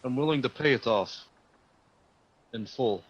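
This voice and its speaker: A man playing his character in a tabletop game, calm and measured. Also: medium pitch. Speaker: player. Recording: dull lo-fi audio.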